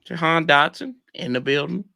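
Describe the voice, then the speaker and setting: A man co-hosting a casual sports debate, teasing his rival fan and letting his voice jump high when he argues. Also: normal speed, gravelly. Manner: teasing, animated, pitch jumps when arguing. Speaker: sports podcast co-host.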